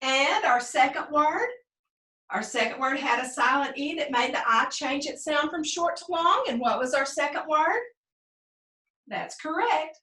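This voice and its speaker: Woman, first grade teacher, high lively voice, bright, sing-song phonics lesson, echoey room, mic set back. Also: recorded from a distance. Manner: sing-song, slow sounding-out of words, prompting pupils. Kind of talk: remote phonics lesson for young children.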